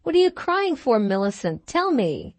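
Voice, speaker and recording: A woman reading the part of a drunken, brutish young gentleman who shouts and blusters, in an audiobook. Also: fairly high pitch, big pitch swings, normal speed, no echo. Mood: blustering.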